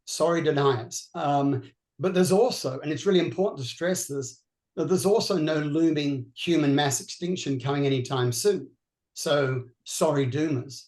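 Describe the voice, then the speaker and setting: A man with an Australian accent speaks as a guest on a panel. His voice sits a little high, and he explains with earnest energy, sometimes in quick bursts. The sound is roomy and echoey. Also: darkish tone. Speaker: veterinary neurologist guest. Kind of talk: panel discussion answer.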